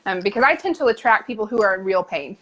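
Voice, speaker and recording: A woman's voice: medium pitch, expressive, fast, a bit bright, poor audio. A woman hosts a casual podcast conversation. She talks earnestly and reflectively, thinking aloud about her own experiences. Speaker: podcast host.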